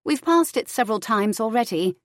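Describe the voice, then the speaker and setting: A woman voicing a haunted young twin woman who speaks in a raspy, riddling way. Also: on the high side, expressive, brisk, no room sound, studio quality, voice pushed up, lightly acted. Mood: cryptic. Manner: quotes riddles in a lilting, portentous way.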